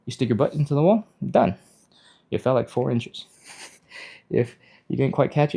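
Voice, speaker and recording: Mellow-voiced man leading a stretch class. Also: moderate pace, gravelly, long pauses, slightly rough. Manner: casual, chatty, explains step by step, laughs often; acts out panicky inner voices in a high yelp. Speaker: stretching instructor, live stream host. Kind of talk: live-streamed workout instruction, reading chat.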